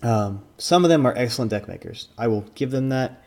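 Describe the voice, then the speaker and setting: A man's voice: mid-range voice, expressive, brisk, a little mellow. A man and former card tournament judge giving casual commentary, rambling with lots of fillers and restarts.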